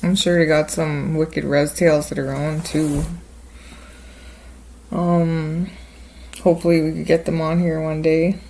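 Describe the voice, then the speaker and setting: Low, gravelly woman telling stories. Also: level tone, measured pace, long pauses, warm tone, slight background noise, rough recording. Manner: rambling, laid-back, many fillers. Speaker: podcast host. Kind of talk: casual storytelling.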